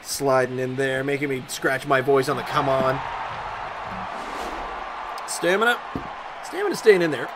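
A man giving chatty, excitable let's-play commentary and talking back at the game as he plays. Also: medium pitch, a little slow, pauses often. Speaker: gaming YouTuber. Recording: loud game crowd and ambient noise behind the voice.

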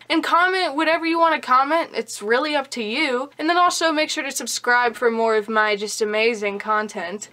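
A woman's voice: fairly high pitch, fairly bright tone. A young woman vlogging in a casual, chatty way, talking with a slight lisp. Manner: chatty, casual, swears offhandedly. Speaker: beauty vlogger. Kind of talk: casual vlog chat.

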